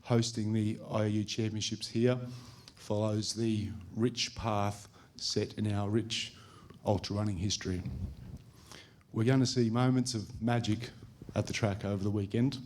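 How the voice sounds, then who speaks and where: A man delivering a formal welcome speech for the organising committee, in a measured, deliberate way. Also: lowish voice, level tone, a little mellow, a little hiss or hum.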